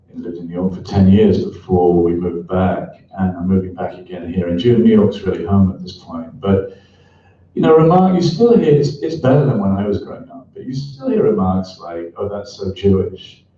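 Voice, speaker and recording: Low-voiced man, echoey hall. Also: warm tone, slight background noise. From England. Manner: thoughtful, frank, many pauses and restarts. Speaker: author and columnist. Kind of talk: reflective conversational interview. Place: event hall before an audience. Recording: echoey, distant, dull event recording.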